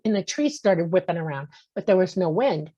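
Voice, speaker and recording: A woman's voice: lowish voice, expressive, brisk, dark tone. A woman in her sixties telling a personal story as a guest on a talk show. She acts out the voices in her story and keeps checking in with "okay?". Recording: muffled lo-fi audio.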